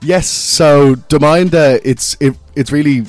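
A man's voice: mid-range voice, takes it slowly, darkish tone, no echo, soft background music. A man with a Dublin accent, a guest musician in a radio studio, chatting in an easygoing way. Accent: Dublin Irish. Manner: easygoing, laughs often. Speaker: band member guest. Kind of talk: casual interview chat.

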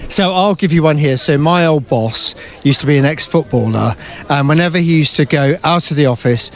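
A cheerful British spectator chatting casually in a street interview outdoors in the rain. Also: male voice, fairly high pitch, a little fast. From Britain. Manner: cheerful, easygoing, laughing.

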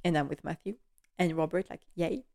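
Woman with a slightly low voice, chatty and gushing, for a casual TV recap. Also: fairly even intonation, brisk, vocal fry, darkish tone. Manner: chatty and gushing, with frequent laughs. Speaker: TV recap vlogger.

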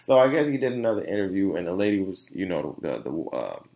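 Lively, slangy male podcast host. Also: sits low, quick pace. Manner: animated storytelling with loose slang and laughs. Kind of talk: casual opinion monologue.

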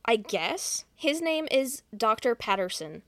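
A woman hosting a podcast, retelling a movie's plot in casual, profane, deadpan chat. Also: a little high, a little slow, no echo. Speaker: podcast host.

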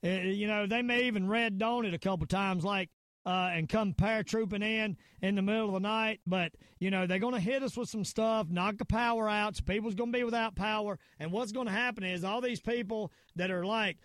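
Here a high-pitched Southern man hosting a podcast rambles with emphasis, tripping over fillers and starting sentences again as he spins a loose conspiracy theory. His delivery is moderately paced and fairly bright, captured up close with no echo or ambience at all.

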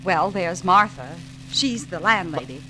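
An actress playing a sensible, gently teasing housewife in a 1940s radio comedy, on an old broadcast recording. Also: female voice, fairly low pitch, lively intonation, a little slow, slight background noise, low-quality recording. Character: sweet, sensible middle-aged housewife Mary.

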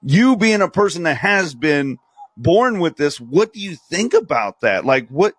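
A man hosting a casual podcast chat who jokes around, laughs easily and asks blunt questions. His pitch moves around a lot, and the sound is close and dry with no room echo. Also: sing-song, a little slow, husky. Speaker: podcast host.

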